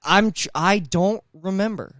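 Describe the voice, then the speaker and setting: A man co-hosting a comedy podcast, rambling through animated stories with laughing asides. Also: sits high, a little slow, no room sound, studio quality. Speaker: podcast co-host. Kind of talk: casual comedy podcast chat.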